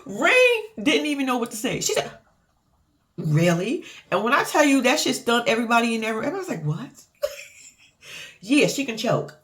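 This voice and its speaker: A woman's voice: on the high side, moderate pace. A woman recapping a reality show in casual, profane chat, laughing often and acting out what people said. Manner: animated, profane, laughs often, acts out quotes.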